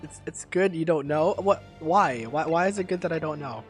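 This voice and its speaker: A woman streaming a game live, excitable and panicky, stammering and repeating herself as she reacts. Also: low voice, normal speed, faint music behind.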